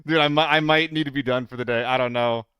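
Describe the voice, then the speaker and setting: A man's voice: mid-range voice, fairly even intonation, fast, fairly bright tone, clean tone, dry recording, studio quality. A young man live-streaming a shooter game, chatting loosely with viewers, swearing and getting flustered in fights. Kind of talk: casual live-stream chat while gaming.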